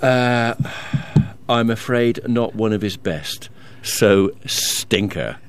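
A man's voice: mid-range voice, steady tone, slow, slight background noise. A man presenting a casual radio show, chatting with co-hosts and reading out listener messages, often chuckling. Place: radio studio.

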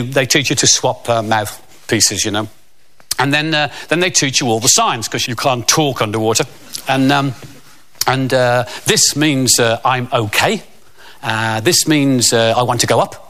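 A man's voice: mid-range voice, moderate pace, bright, forceful tone. A middle-aged man telling a rambling, self-mocking comic story.

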